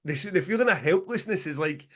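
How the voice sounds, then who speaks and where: A man's voice: sits high, lively intonation, a little fast. A man in his forties co-hosting a podcast, telling a long story in casual chat, swearing freely and laughing as he goes. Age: 40s. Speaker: podcast co-host.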